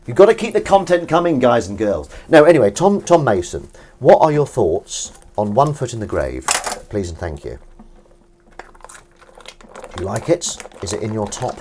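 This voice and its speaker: A man hosting a chatty livestream from his kitchen as he washes up. His voice is deep, and its pitch jumps around animatedly as he rambles through viewer comments. Faint clicks sit behind him. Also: noisy background. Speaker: livestream host. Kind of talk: casual livestream chat. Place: home kitchen while washing up.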